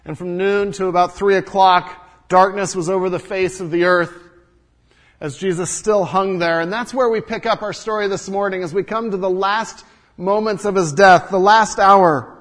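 A man preaching a sermon to his congregation, swinging from hushed low passages to loud emphatic peaks, with repetition and rhetorical questions. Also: fairly even intonation, normal speed. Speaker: pastor.

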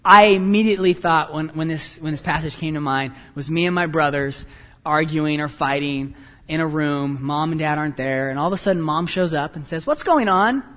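Animated high-voiced male preacher. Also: big-room sound. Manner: animated, self-deprecating storytelling with quick asides. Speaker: pastor. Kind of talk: sermon.

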